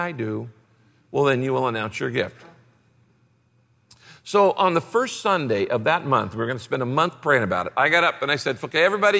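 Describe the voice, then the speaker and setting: A man preaching with a bright, forceful voice a little higher than most men. He tells a personal story and acts out each side of the dialogue. His words ring out with a long reverb, as in a large church hall. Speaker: pastor. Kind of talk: storytelling sermon.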